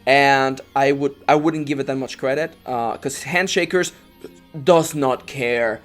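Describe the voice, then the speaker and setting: A young man hosting a casual anime review, ranting with exaggerated forced excitement and sarcasm. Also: mid-range voice, normal speed, faint music behind. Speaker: anime reviewer, channel co-host.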